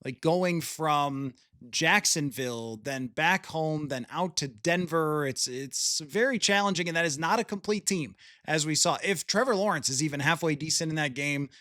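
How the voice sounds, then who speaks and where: Sports podcast host guy, chatty and laughy, fairly high bright voice, dry close mic. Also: moderate pace, dry recording. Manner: chatty, laughs often, many restarts. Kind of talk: casual sports chat.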